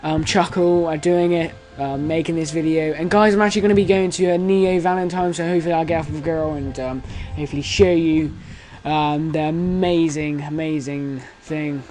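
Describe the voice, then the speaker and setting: A young man in his late teens telling a story to camera in a rambling, excitable way, full of fillers, restarts and swearing. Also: on the high side, normal speed, poor audio. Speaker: vlogger.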